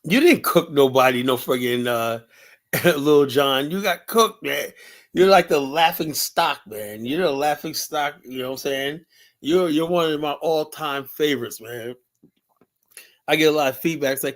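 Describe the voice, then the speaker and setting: A man's voice: medium pitch, animated, moderate pace. A man hosting his own show, mocking clips in casual commentary, laughing often and tagging lines with filler words. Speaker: show host.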